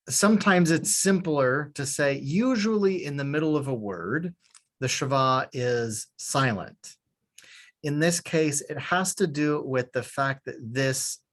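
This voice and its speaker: Male teacher, unhurried, patient, searches for words mid-explanation. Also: mid-range voice, fairly bright tone. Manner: slow, patient, hesitant with fillers. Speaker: Hebrew teacher. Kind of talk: beginner language class.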